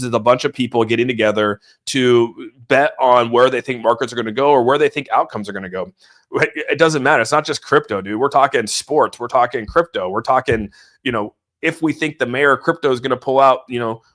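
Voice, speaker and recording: A man at a mid-range pitch talks through a crypto market livestream in loose, rambling bursts. He is excitable and often says "dude", and he breaks off to greet viewers from the chat. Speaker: crypto channel host. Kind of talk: casual livestream market commentary.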